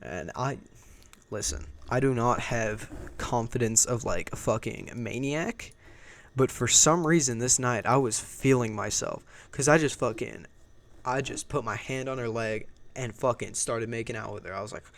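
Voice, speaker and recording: A man's voice: medium pitch, normal speed. A young man with a rambling, blunt, heavily swearing delivery, casually telling a personal story.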